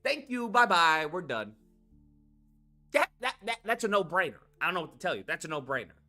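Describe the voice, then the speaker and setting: Animated ranting man, sharp lively voice. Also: high voice, brisk, faint music behind. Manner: animated, profane, repeats himself for emphasis. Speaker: streamer reading chat comments. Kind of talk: heated casual rant.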